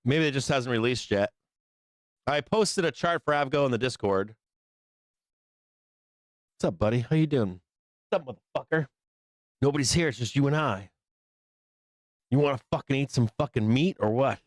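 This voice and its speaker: Brief: male livestream host, excitable and profane, mid-pitched, dry close mic. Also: moderate pace, pauses often, dry recording. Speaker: livestream trading show host. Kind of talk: casual livestream chat.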